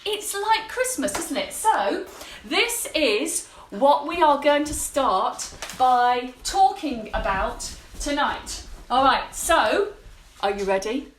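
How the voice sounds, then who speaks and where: A woman's voice: high voice, sing-song, slow, echoey room, a little hiss or hum. A woman hosting a casual live stream from her home kitchen, chatty and upbeat, greeting viewers by name. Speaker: host of a live cleaning-product show.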